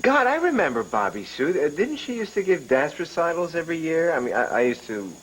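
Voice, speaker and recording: A man's voice: on the high side, big pitch swings, fairly quick, fairly bright tone, slight background noise, low-quality recording. An actor playing a flirtatious, easygoing man, playful and insistent in his offers. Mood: flirty. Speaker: charming local man. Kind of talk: daytime soap acting.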